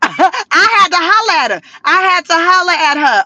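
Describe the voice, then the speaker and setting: Sitting in a car, a woman vlogger tells stories to the camera in an animated, casual way, full of slang, cursing and laughter. Her voice is extremely high and slow-paced, with no room sound.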